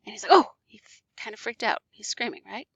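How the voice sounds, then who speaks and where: A woman's voice: on the high side, quick pace, vocal fry, husky, dry recording, dull audio. A woman teacher reading a classic story aloud and explaining it in casual asides. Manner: animated, casual asides checking in with listeners.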